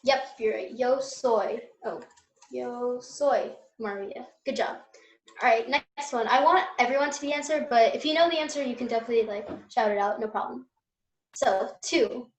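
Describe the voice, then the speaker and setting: A woman's voice: a little high, moderate pace, roomy sound, low-quality recording. A young woman tutoring an online Spanish class, explaining step by step with patient fillers.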